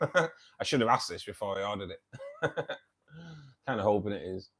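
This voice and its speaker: A man's voice: fairly low pitch, animated, normal speed, a bit bright. A man hosting a casual livestream, chatting with viewers in a friendly, hesitant way, full of ums and calling people mate and buddy. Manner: hesitant, many ums and restarts. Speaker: aquarium channel host.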